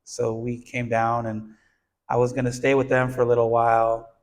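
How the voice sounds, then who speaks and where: A man's voice: mid-range voice, monotone, normal speed. An earnest man telling his life story. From United States (born in Texas, raised in southern California). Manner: earnest and conversational, full of "you know" and restarts. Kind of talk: casual personal storytelling in an interview.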